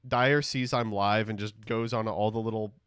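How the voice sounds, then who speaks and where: A man's voice: on the low side, steady tone, normal speed, fairly bright tone, clear, resonant tone, no room sound. Male streamer, casual card-opening chat, crude jokes, rambling, dry close sound. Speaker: streamer opening trading cards.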